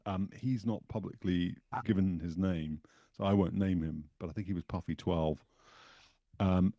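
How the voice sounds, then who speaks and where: A man's voice: sits low, warm tone, dry recording, clean studio sound. A man hosting an interview podcast, asking long, winding questions with many restarts.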